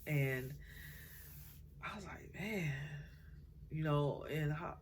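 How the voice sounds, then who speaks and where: A middle-aged woman, a mother, talking from the heart about raising her children, halting often and getting tearful at times. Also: sits low, steady tone, slight background noise. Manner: emotional, halting, many fillers. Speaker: mother sharing her story. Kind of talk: heartfelt personal talk.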